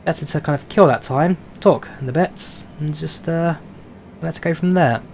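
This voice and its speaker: A man's voice: fairly high pitch, normal speed, vocal fry, a little mellow, a little hiss or hum. A man with a London accent chatting casually on a live stream, reading out viewer questions and answering them with plenty of filler "uh"s. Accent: London English. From London, England. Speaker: flight sim streamer. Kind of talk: casual live-stream chat while flying a simulator.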